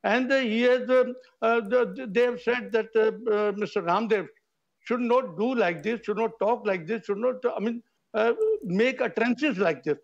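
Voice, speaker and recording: A man's voice: high voice, moderate pace, gravelly, highs cut off. A middle-aged Indian man, a doctor on a TV debate panel, talking insistently and repeating himself to hold the floor. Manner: insistent, talks over others, repeats himself. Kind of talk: heated TV debate.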